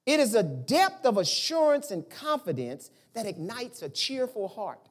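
A man preaching a sermon in a loose, colloquial way, now and then breaking into shouts. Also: very high voice, measured pace. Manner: animated, colloquial, bursts into shouts.

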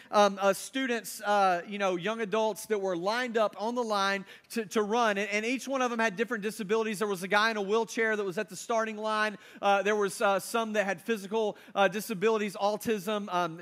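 A man's voice: high voice, sharp tone. A man in his thirties, a pastor preaching a sermon in a casual storytelling way, asking the crowd questions.

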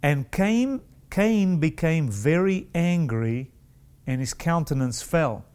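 A man preaching a sermon, with repeated words and restarted phrases, and sudden rises in pitch. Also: animated, takes it slowly, a little mellow, smooth.

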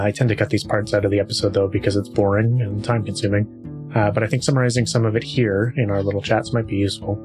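A man hosting a podcast and narrating as game master, talking in an easygoing way with frequent filler sounds. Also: fairly low pitch. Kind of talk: casual podcast chat and tabletop game narration.

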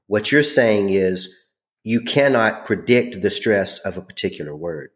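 A man's voice: lowish voice, lively intonation, measured pace. A man hosting a podcast in casual chat, carefully restating points, with fillers. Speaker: podcast host.

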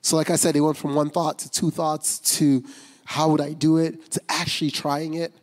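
Pastor type, male, slightly higher register, talks loosely and frankly, recorded in an echoing sanctuary. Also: level tone, normal speed. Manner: candid, conversational, many fillers and restarts. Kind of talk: personal testimony sermon. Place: church sanctuary. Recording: long reverb of a large hall.

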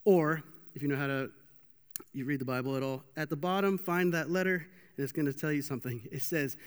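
A man's voice: fairly high pitch, brisk, clean tone. A young man preaching a casual, joking sermon with lots of restarts, in a church hall. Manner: animated, joking, with many restarts. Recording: long hall reverb.

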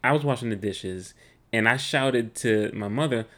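A man's voice: medium pitch, moderate pace. A man co-hosting a podcast in casual chat, telling stories and acting out the people he quotes. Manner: animated storyteller who acts out quoted voices. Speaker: podcast co-host.

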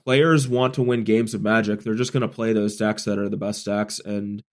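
A man's voice: fairly low pitch, steady tone, moderate pace. A man who is sick, co-hosting a casual gaming podcast and explaining his views at length with many restarts. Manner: thoughtful, long explanations with restarts. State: sick, rough voice. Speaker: podcast co-host, tournament player. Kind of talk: casual chat.

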